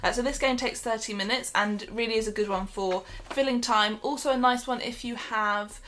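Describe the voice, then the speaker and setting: A woman's voice: fairly high pitch, moderate pace, a bit bright, a little hiss or hum. A woman co-hosting a casual board game chat, giving friendly recommendations with a light teasing edge. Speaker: board game podcast co-host.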